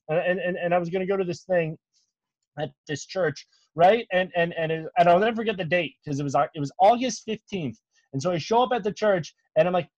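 Brief: man co-hosting a casual podcast, profane rambler, lively voice, dry close sound. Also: sits high, no room sound, muffled recording. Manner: animated, profane, rambling storyteller. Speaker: podcast co-host. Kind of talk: casual chat.

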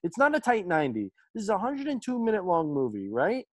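Animated man with a lively voice, dry close sound. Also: high voice, dry recording. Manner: animated, fast, acts out movie lines in excited voices. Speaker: podcast co-host. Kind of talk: casual chat.

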